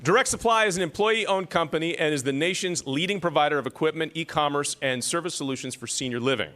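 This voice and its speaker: A man's voice: a little high, quick pace, fairly bright tone. A man emceeing an awards ceremony, reading citations with self-deprecating joking asides.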